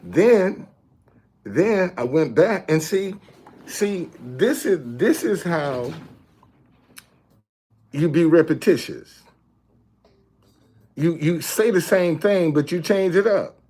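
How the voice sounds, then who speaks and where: A man's voice: fairly high pitch, animated, takes it slowly, pauses often, mellow, slightly rough. A man talking casually to his viewers, explaining things step by step with emphasis and often checking that they follow. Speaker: street messenger and video host.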